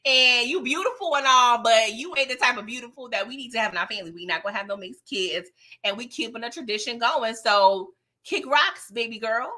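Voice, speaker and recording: A woman voicing a gruff older man who bluntly snubs his son's girlfriend. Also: very high-pitched, fast, sharp tone, full character voice. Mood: dismissive. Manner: blunt, dismissive.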